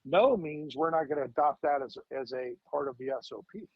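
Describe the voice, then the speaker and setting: Gravelly, husky-voiced emphatic man. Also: fairly high pitch, lively intonation, fairly quick, dry recording, dull audio. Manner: emphatic, repeats words, asks rhetorical questions. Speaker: fire lieutenant guest. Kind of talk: podcast interview.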